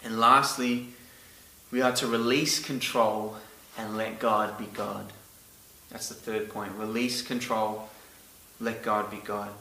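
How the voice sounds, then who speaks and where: Male preacher, bright and emphatic, picked up from a distance in an echoey hall. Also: on the low side, little pitch movement, slow pace, long pauses, a little hiss or hum. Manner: earnest, emphatic on key words. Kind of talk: sermon.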